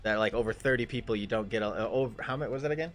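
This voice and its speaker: A man's voice: on the low side, very fast. A young man streaming a game, telling rambling, profane stories in casual chat with frequent restarts. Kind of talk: casual chat while gaming live.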